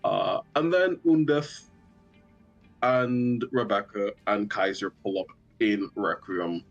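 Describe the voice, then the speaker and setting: A man's voice: lowish voice, takes it slowly, creaky, highs cut off, faint music behind. A young man casually recapping a tabletop game session, rambling and joking with lots of swearing. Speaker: tabletop player.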